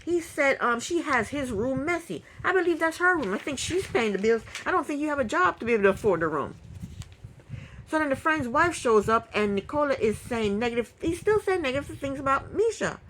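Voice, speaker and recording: Animated opinionated woman recapping TV. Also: sits high, a little hiss or hum, poor audio. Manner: opinionated, indignant commentary with quick asides. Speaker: reality TV recap vlogger. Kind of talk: casual spoken recap.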